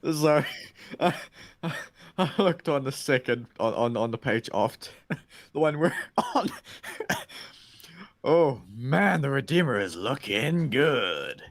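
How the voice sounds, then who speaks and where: Gravelly man, slow and giggly. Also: mid-range voice, lively intonation. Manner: giggly, hesitant, trails off. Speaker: co-host. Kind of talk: casual comic read-along.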